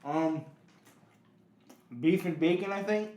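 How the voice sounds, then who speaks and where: Laid-back joking guy on a podcast, slangy, highish voice, echoey room. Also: slow pace, darkish tone. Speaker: podcast co-host. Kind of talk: casual chat.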